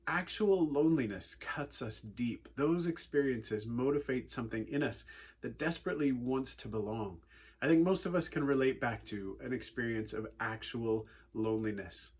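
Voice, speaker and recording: With a husky, mid-range voice and an English accent, a youth speaker from England relates his own story. He comes across as animated, wry and earnest.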